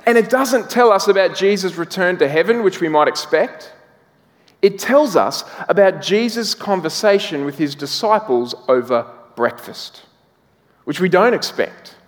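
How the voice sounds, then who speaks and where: A man preaching a sermon as pastor, telling a story and slowing down, dropping soft for emphasis. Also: high voice, lively intonation, in a large hall. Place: church hall.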